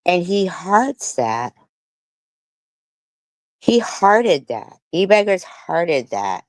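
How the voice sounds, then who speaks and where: A woman's voice: lowish voice, big pitch swings, extremely slow, no room sound. A woman doing livestream commentary, reading comments aloud and reacting with indignation and heavy swearing. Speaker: commentary streamer.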